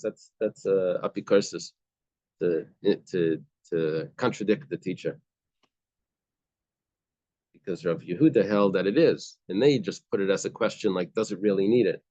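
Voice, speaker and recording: A man with a low voice leads a daily Talmud class. He reads Aramaic phrases and then breaks them down in easygoing, conversational English. The recording is dry and a bit dull. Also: moderate pace, mellow, dry recording. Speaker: Talmud teacher.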